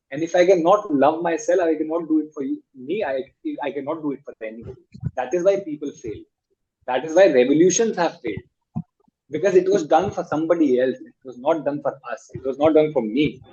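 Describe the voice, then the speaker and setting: Indian english guy, young, kinda high voice but mellow, fired-up talk w lots of rhetorical questions, dull lo-fi sound. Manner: emphatic, rhetorical questions, repeats himself. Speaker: guest, long-distance walker. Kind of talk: conversational interview. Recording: dull lo-fi audio.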